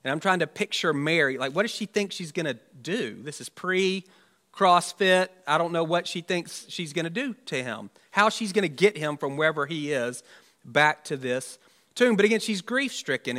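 A man's voice: on the high side, pushed and bright. A man, a pastor, preaching an Easter sermon in a conversational, musing way with rhetorical asides.

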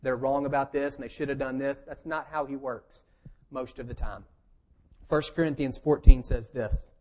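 A man's voice: medium pitch, fairly even intonation, normal speed, dark tone. A man preaching a conversational sermon, joking and emphatic as he teaches. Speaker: pastor.

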